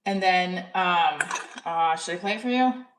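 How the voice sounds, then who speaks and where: A woman's voice: fairly low pitch, unhurried, fairly bright tone, echoey room, distant mic, slight background noise, low-quality recording. A woman comedian chatting casually on a live stream, rambling and cutting herself off as she tells a story. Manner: chatty, rambling, self-interrupting. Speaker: stand-up comedian.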